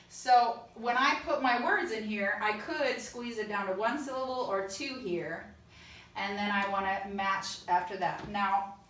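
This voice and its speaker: A woman's voice: mid-range voice, a bit bright, a little hiss or hum. A woman music teacher giving an online songwriting lesson, explaining step by step and singing short lines to check them. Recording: echoey room, a bit far from mic.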